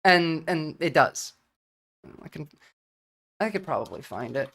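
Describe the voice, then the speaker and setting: A woman's voice: low voice, very animated, vocal fry, a bit bright. Blunt New woman streamer. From New Jersey. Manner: blunt, profane, talks fast in bursts with restarts. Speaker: livestream political commentator. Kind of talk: casual livestream commentary.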